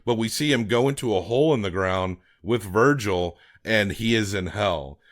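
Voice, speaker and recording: A man's voice: fairly low pitch, moderate pace. A man co-hosting a film podcast, recapping a movie in casual chat, rambling with frequent restarts and casual swearing.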